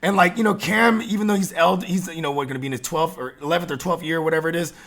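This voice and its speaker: A man with a fairly high voice hosting a laid-back sports podcast. He talks in an animated, loose way, full of fillers and swearing, and laughs easily. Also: quick pace. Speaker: podcast host. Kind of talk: casual sports chat.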